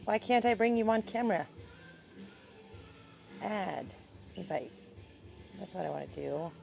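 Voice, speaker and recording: A woman's voice: mid-range voice, animated, measured pace, gravelly, a little mellow, soft background music. A woman hosting a casual live stream, teasing her guest and swearing freely.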